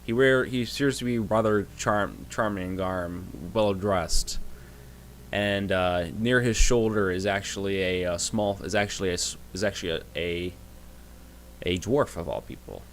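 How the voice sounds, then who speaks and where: Halting low-voiced male game master. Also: slight background noise. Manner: halting, with many restarts. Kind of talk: narrating a tabletop game.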